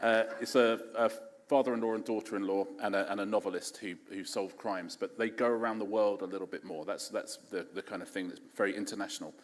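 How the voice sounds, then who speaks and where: A man's voice: fairly low pitch, fairly even intonation, fast talker, hardly any pauses. A man with an English accent, an author chatting on stage at a festival in a chatty, self-deprecating, joking way. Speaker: author guest. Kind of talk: casual onstage conversation. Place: large festival hall on stage. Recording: echoey hall, faint background noise.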